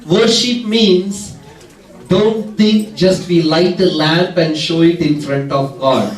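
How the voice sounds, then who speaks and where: A man with a somewhat raised voice tells a devotional story in a chatty, lively sermon, dropping teasing asides. He sounds far from the mic, and the hall is roomy and echoing. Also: high-pitched, slow. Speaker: preacher.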